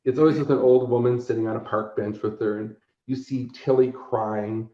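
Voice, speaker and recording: In this casual podcast interview, a convention organizer tells his stories with animation, acting out the characters as he goes. His voice is medium in pitch and moves at a normal speed. The recording sounds roomy and a little dull.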